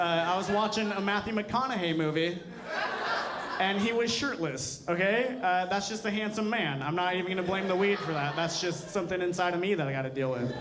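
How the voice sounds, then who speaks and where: High-voiced stand-up comic, crowd laughing. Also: male voice. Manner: casual, profane, frequent "you know" tags. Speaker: stand-up comedian. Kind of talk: stand-up comedy set. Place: comedy club stage before a live audience. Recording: live club recording with crowd laughter.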